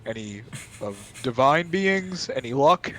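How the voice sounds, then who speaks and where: A man's voice: medium pitch, animated, measured pace, very noisy. Stammering male tabletop player. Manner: stammering, restarts a lot. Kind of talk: casual play, partly in character.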